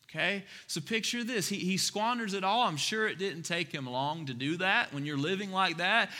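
A man's voice: high voice, bright, forceful tone. A man preaching a sermon to his church, earnest and building to emphatic appeals. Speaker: pastor.

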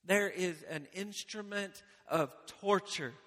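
High bright-voiced male preacher in a hall. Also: slow pace. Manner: preaching with swelling emphasis and quiet drops, repeating phrases. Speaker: pastor. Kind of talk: sermon. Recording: long reverb of a large hall.

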